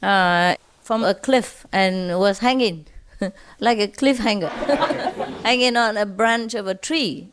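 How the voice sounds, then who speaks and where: A woman telling jokes to an audience in a casual, unhurried way, often checking in with her listeners. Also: medium pitch, a faint crowd, slight background noise. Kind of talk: casual storytelling.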